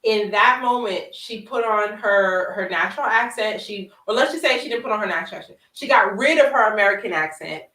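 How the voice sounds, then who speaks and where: A woman co-hosting a podcast in casual chat, expressive and emphatic. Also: mid-range voice, a little fast, few pauses, recorded from a distance. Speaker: podcast co-host. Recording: roomy, from off the mic.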